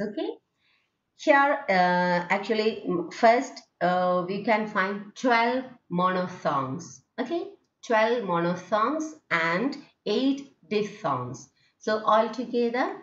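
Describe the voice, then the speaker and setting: In a dull, lo-fi, roomy recording, a woman with a mid-range, slightly bright voice lectures on English phonetics. She speaks hesitantly, with many fillers and restarts, frequently checking in with "okay?"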